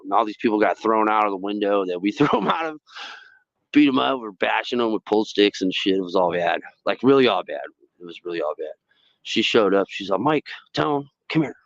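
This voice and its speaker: A man hosting a fishing livestream, telling stories in a casual, rambling way, swearing freely and putting on high voices when he quotes people. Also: a little fast, a bit bright, dry recording, dull audio.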